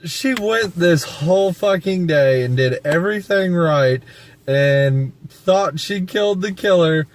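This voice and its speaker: A man's voice: high voice, animated, slow pace, no echo. A man hosting a casual movie review, laid-back, with lots of "like" and casual swearing. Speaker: host film reviewer.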